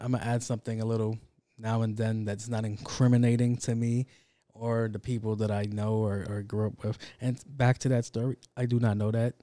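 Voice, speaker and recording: A podcast host telling a story in a casual, rambling, profane and joking way, speaking into a studio mic. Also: male voice, medium pitch, dark tone, no room sound. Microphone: handheld studio mic.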